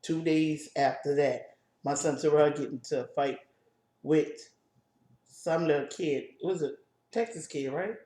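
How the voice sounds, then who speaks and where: A woman with a New Orleans accent telling a story in casual chat, lively and animated, acting out the people in it. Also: sits low, a little slow, roomy sound. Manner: lively, animated, acts out voices in her stories. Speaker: co-host.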